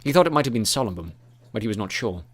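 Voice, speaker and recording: A man narrating a fantasy audiobook in a steady, measured way. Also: on the low side.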